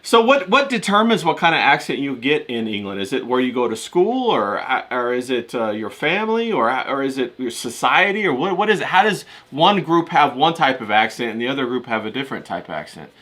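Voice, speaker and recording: Man, host, casual chat, curious questions, video call, bright voice. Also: medium pitch, sing-song, a little fast, few pauses.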